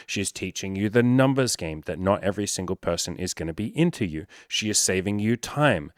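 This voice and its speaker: A man giving blunt, profane, energetic dating-coach advice in a casual talk straight to the camera. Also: low-pitched, dry recording, clean studio sound.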